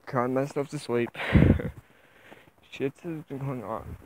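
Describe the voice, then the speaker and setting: A man with a rural American accent, vlogging outdoors in the countryside, talking in a subdued, halting way while holding back tears. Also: mid-range voice, steady tone, very noisy. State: tearful. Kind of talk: outdoor personal vlog.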